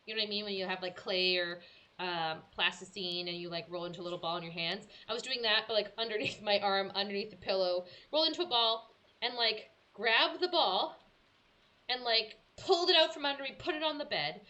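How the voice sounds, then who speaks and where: Young woman, bright voice, slightly high, lively anecdote, acts out quotes. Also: brisk. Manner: animated storyteller, acts out her own quotes. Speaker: streamer. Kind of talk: casual chat, telling a story.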